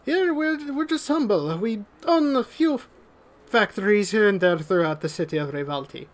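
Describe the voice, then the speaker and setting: A man's voice: sits high, lively intonation, normal speed, voice pushed up. A man voicing a modest, polite noblewoman showing guests around her home. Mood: gracious. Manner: polite, demure, humble. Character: gracious noble lady, modest hostess.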